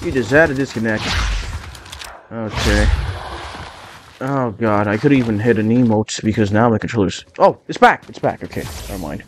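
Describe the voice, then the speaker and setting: A man's voice: on the low side, moderate pace, long pauses. A man streaming a game live, with a voice that sounds like a cowboy, muttering and swearing to himself and slipping into drawled mock-dramatic lines. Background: game music.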